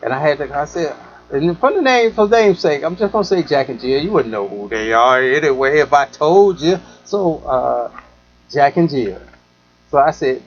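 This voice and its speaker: Man, talk show host, casual rambling story, fairly high lively voice, dull lo-fi stream audio. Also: normal speed. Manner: rambling, full of "you know", acts out the people in his stories.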